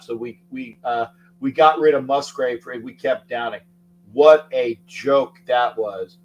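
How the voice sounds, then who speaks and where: A man hosting a casual sports talk show, rambling and repeating himself, getting loud when he makes a point. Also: mid-range voice, poor audio. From Florida. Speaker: show host.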